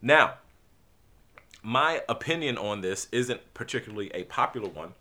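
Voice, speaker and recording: A man's voice: mid-range voice, animated, normal speed, bright, forceful tone. A man from New Jersey hosting a podcast, talking in a casual, rambling, profane monologue full of restarts and fillers. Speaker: podcast host.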